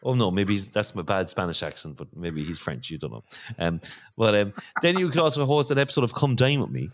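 A man hosting a casual podcast chat, lively and quick to laugh. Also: fairly low pitch. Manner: lively, laughing, talks over others. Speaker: podcast host.

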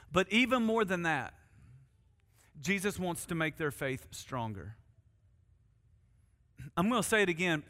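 A man preaching a sermon as pastor, earnest and emphatic, drawing out key words slowly for stress. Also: high voice, sharp tone. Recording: long hall reverb.

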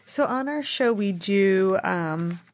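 A woman's voice: mid-range voice, expressive, takes it slowly. A woman hosting a podcast interview, encouraging and reassuring her guest. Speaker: podcast host.

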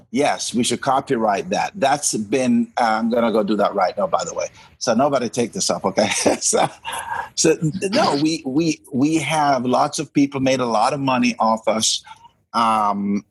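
A man from Jamaica co-hosting a casual podcast chat. His voice is husky and sits in a middle pitch, recorded dry and close. He speaks emphatically, restarting words as he goes. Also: no room sound. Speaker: podcast co-host.

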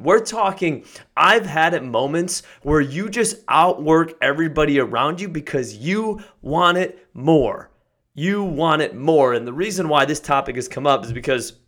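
A man hosting a podcast, giving an energetic, emphatic motivational talk that builds to excited shouts. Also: medium pitch. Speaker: podcast host.

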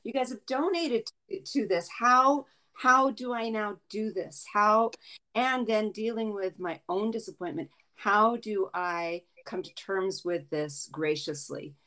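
A mother hosting a casual chat for her viewers, speaking in an earnest, halting way with many restarts. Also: medium pitch, pushed and bright, rough recording. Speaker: channel host, mother.

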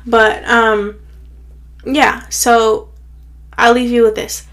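Young woman podcaster, fairly high voice, casual rambling pep talk, tired and slightly breathless. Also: little pitch movement, extremely slow, fairly bright tone. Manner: chatty, rambling, heavy filler "like". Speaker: podcast host.

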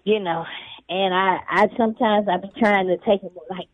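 A woman's voice: medium pitch, fairly even intonation, moderate pace, no echo. Laid-back woman on a tinny phone line. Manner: laid-back, rambling, laughs often. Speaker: guest. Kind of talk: casual interview chat. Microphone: phone call.

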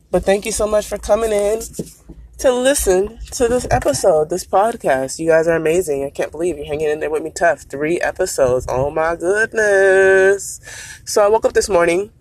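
A woman hosting her own podcast in a casual, chatty way, talking straight to listeners as y'all, her voice raspy from early morning, recorded while she drives her car. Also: deep voice, a little mellow, rough recording. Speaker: podcast host. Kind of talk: casual solo podcast talk. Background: faint road and blinker noise.

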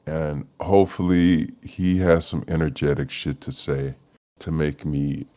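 Very deep-voiced man ranting casually. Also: little pitch movement, a little slow, mellow. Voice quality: profane, rambling, laughs often. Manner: low-energy, mumbling, trailing off. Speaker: podcast host. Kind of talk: solo casual rant.

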